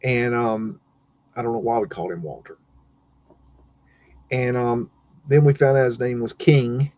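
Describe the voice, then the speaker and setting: A man's voice: mid-range voice, fairly even intonation, a little slow, a little mellow, no room sound, dull audio. A man hosting a livestream, telling a story casually and rambling with many fillers and restarts. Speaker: livestream host.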